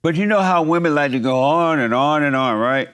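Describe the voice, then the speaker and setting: Blunt man host, slightly higher voice. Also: fairly quick, fairly bright tone, clear, resonant tone. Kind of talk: provocative interview questions.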